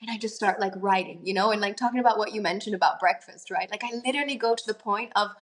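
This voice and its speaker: A woman of medium pitch speaks as a guest in an interview. She talks with eager enthusiasm about her craft and peppers her sentences with casual fillers. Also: quick pace. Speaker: actress and singer, guest. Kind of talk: conversational interview.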